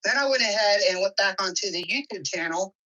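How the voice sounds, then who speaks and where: A female guest on a call-in chat who deflects the hosts' requests calmly and matter-of-factly. Her voice sits at a middle pitch, and she stays plainly defensive. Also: fairly quick, recorded from a distance, muffled recording.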